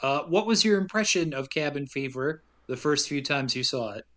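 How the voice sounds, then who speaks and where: Male podcast host, bright, slightly high voice, quick laughs, casual chat. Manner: lively, laughs often, quick asides.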